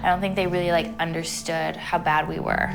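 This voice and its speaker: A woman's voice: on the low side, flat delivery, fairly quick, creaky. A woman in her twenties speaking bluntly and frankly in an interview, with casual fillers. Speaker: former reality TV star interviewee. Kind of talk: candid interview recollection. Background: music.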